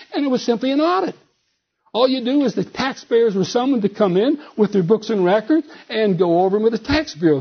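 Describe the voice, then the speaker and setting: An older man, an author, giving a lecture full of wry, folksy anecdotes in a husky voice. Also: high-pitched. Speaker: speaker and author. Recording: dull lo-fi recording.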